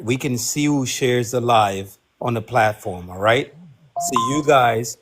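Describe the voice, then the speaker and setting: A man's voice: mid-range voice, fairly bright tone. A man hosting a live audio panel, breaking in with urgent, repetitive requests. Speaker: host.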